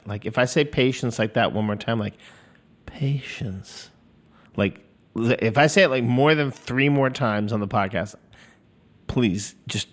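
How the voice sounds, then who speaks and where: Rambling man in his fifties podcasting. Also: fairly low pitch. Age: 50s. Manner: rambling, self-deprecating, swears freely. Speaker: podcast host. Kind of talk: casual solo podcast monologue. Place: recording studio. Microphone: studio microphone.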